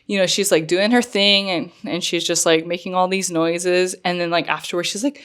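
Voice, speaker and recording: A woman's voice: on the low side, level tone, moderate pace, fairly bright tone, smooth. A woman co-hosting a podcast, casually retelling a story with lots of fillers and laughs. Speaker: podcast co-host. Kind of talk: casual chat.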